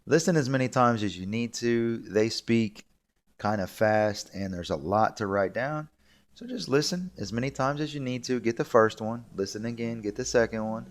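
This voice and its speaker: A male English teacher giving a recorded video lesson, explaining in a relaxed way and repeating key points. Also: medium pitch, normal speed.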